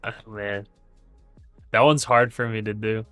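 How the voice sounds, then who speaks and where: Bright-toned, flat-voiced man hosting a trading stream. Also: lowish voice, measured pace, clear, resonant tone, dry recording, faint music behind. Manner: chatty, thinks aloud with fillers and restarts. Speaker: day trading livestream host. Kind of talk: casual live trading commentary.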